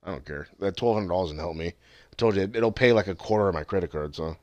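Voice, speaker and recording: Young man, low pitch, quick animated casual chat, profane and rambling, dry sound. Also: dry recording, dull audio. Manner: profane, rambling, with frequent restarts.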